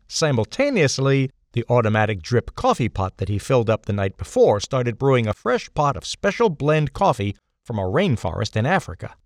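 An older man reading a comic first-person story in a playful, animated storytelling manner. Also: medium pitch, no room sound, studio quality.

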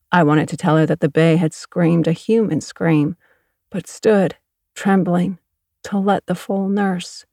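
A woman narrating a first-person audiobook in a measured, even way. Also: fairly low pitch, gravelly, no room sound, studio quality.

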